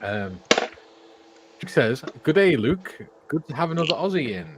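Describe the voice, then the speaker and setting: A man's voice: a little high, sing-song, measured pace, very noisy. An older Welsh man co-hosting a casual livestream, jokily reading out viewer comments with frequent laughs. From Wales. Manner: jokey, reads viewer comments aloud with laughs. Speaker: co-host reading live chat.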